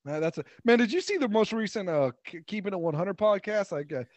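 A man's voice: sits high, lively intonation, quick pace, no echo. A man co-hosting a podcast in casual chat, laughing often, swearing freely and retelling scenes with quotes. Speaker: podcast co-host.

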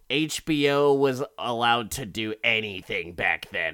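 An unhurried host picks apart a TV episode in a loose spoken monologue. The talk is full of swearing and exasperated groans. It stumbles through restarts and breaks into laughter. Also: mid-range voice, expressive, pushed and bright. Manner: halting, with many restarts. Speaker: show reviewer. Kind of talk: casual monologue review.

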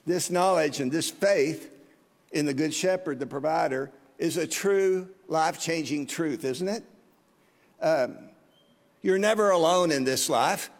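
Man in his 50s preaching, high voice, long church echo, earnest and chatty. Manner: earnest, conversational, asks the congregation questions. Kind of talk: sermon. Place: church sanctuary.

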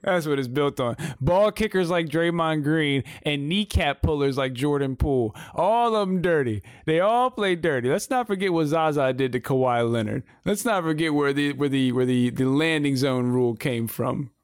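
A man with a smooth, clear voice co-hosts a casual wrestling podcast, grumbling and cracking jokes as they trade jabs. He sounds dry and close to the mic. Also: fairly high pitch, normal speed, few pauses, no room sound. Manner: grumbling, joking banter. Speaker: podcast co-host.

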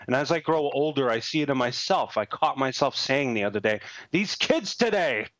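A man's voice: medium pitch, fairly quick, a bit bright, no room sound, low-quality recording. A man co-hosting a podcast in casual chat, rambling and self-mocking with frequent chuckles. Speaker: podcast co-host.

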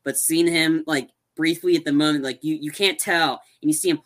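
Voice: mid-range voice, steady tone, fairly quick, fairly bright tone. A young adult podcast co-host chatting casually about a movie, rambling with lots of fillers and restarts.

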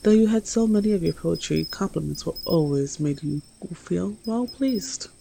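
A woman narrates a second-person romance story in a low, dark, gravelly voice. Her delivery is intimate and hushed, close and unhurried. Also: animated, a little hiss or hum, rough recording. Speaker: reader.

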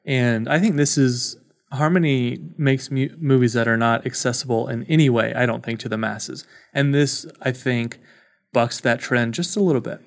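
A man's voice: mid-range voice, moderate pace, creaky. A young man co-hosting a podcast in casual chat, dry and self-deprecating with blunt opinions. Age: young adult. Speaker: podcast co-host.

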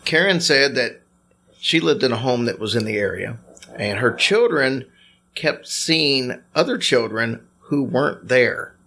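A man casually telling ghost stories to his co-host on a podcast, animated and teasing. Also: medium pitch, unhurried, gravelly. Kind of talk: casual storytelling chat.

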